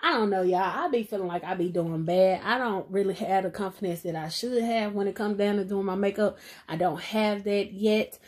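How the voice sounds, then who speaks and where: A woman's voice: mid-range voice, moderate pace, no room sound. A young woman beauty vlogger chatting casually through a makeup tutorial, self-deprecating and talking straight to her viewers. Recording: loud hip hop music playing behind.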